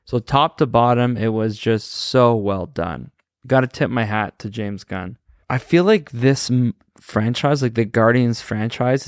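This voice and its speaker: A man's voice: medium pitch, smooth, no room sound. Upbeat man recapping a movie, dry sound. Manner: enthusiastic, laughs often while retelling scenes. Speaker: podcast host.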